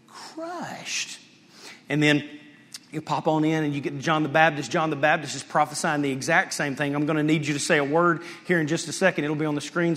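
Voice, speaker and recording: A pastor delivers a sermon with a slightly high-pitched voice. He swings from loud, soaring peaks to hushed, low asides. Long reverb from a large hall trails every line.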